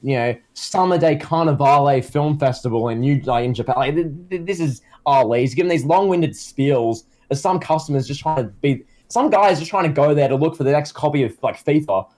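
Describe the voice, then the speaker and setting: A man co-hosting a casual comedy chat, talking in a rambling, halting way full of fillers. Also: on the high side, animated, darkish tone. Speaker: co-host.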